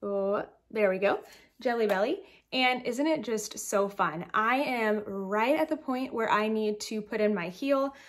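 A woman's voice: medium pitch, a little slow. A woman hosting a knitting podcast, chatting casually and rambling with giggly asides while showing her projects, in a groggy morning voice.

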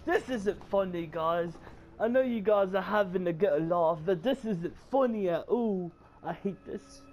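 A man's voice: high-pitched, unhurried, music in the background. A man, panicking and swearing through a horror game let's play while talking to his viewers. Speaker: gamer. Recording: loud game noise behind the voice.

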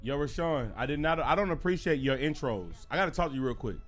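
Excitable high-voiced man telling stories. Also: fast, soft background music. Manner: animated, profane, excitable storytelling. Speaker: streamer. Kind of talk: casual livestream story time.

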